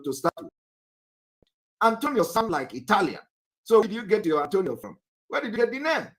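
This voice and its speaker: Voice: medium pitch, very animated, brisk, pauses often, rough recording. A speaker giving livestream political commentary, lecturing viewers emphatically with repeated rhetorical questions.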